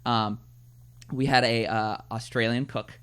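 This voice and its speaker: A man co-hosting a casual film review podcast, joking loudly and swearing freely. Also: mid-range voice, fairly even intonation, smooth. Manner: rapid, boisterous, profane joking. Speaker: podcast co-host.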